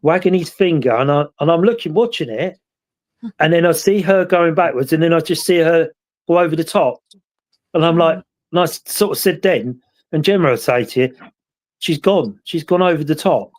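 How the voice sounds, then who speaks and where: A man's voice: fairly high pitch, fairly quick. A man with a British accent, hosting a casual chat and telling stories in a rambling, reflective way. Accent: British English. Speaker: host.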